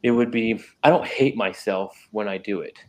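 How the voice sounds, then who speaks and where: A man's voice: lowish voice, moderate pace. A man talking earnestly in a casual faith discussion, restarting sentences and firing off rhetorical questions.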